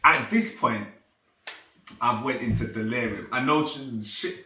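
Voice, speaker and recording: A man tells a story in an excitable, animated way, laughing as he goes. His voice is bright and forceful. He sounds roomy and a little far from the mic. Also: medium pitch, unhurried. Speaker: storyteller guest. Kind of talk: casual storytelling chat. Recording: echoey room, distant mic.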